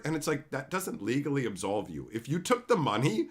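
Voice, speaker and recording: This man's voice sits a little high, with wildly swooping pitch and a slightly bright quality. Hosting a live stream, he reads out chat messages in a brisk, casual, sarcastic rant full of profanity, barely pausing.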